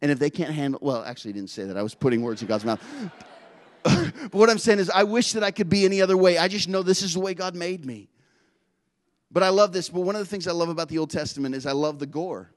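A man preaching a sermon with an intense, driving delivery that swells into loud emphatic rises. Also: sits high, expressive, fast talker. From not Australian.

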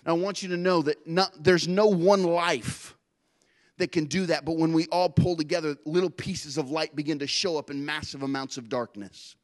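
A man preaching a sermon with an intense, driving delivery that swells into loud emphatic rises. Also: fairly high pitch, fairly even intonation, normal speed. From not Australian.

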